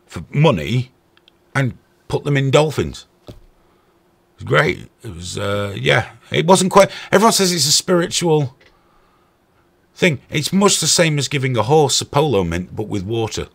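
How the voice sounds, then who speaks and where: Male host, gravelly and husky, swearing storyteller, lively delivery. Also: medium pitch, a little slow, long pauses. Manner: profane, animated storytelling. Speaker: podcast host. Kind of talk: casual chat.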